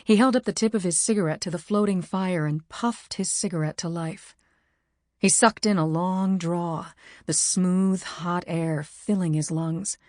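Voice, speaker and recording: Low-voiced woman narrating an audiobook. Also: measured pace, darkish tone, no room sound, clean studio sound. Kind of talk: scripted narration.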